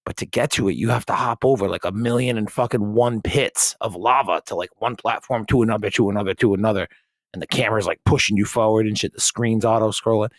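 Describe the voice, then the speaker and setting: A man's voice: lowish voice, fast talker, no room sound. A young man co-hosts a casual podcast, laid-back and joking, tossing in swear words as he talks. His voice sits in an ordinary middle range. The sound is dry and close, with no room around it. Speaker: podcast co-host. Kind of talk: casual chat.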